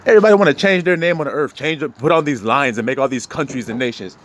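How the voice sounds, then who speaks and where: A man giving a preachy, freewheeling sermon, laughing often and swinging between loud and low. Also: quick pace, a little hiss or hum. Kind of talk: street sermon.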